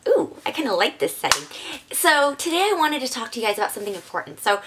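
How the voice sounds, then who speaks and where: A woman's voice: on the high side, big pitch swings, fast, background noise. Woman vlogger telling a personal story. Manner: casual, rambling, heavy use of "like"; earnest, emotional. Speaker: beauty vlogger.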